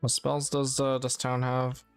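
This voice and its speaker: A man's voice: mid-range voice, completely flat delivery, unhurried, clean tone, dry recording, faint music behind. A man streaming a game, chatting casually and rambling, often correcting his own words. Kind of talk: casual gameplay chat.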